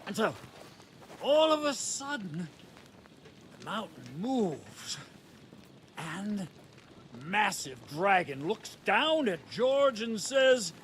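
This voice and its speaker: A boisterous medieval knight in a video game speaks in a high, bright, lively voice. He tells tales slowly and theatrically. Faint game music sits underneath. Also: a little hiss or hum, heavily acted. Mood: jovial. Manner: hearty, theatrical, laughing storyteller.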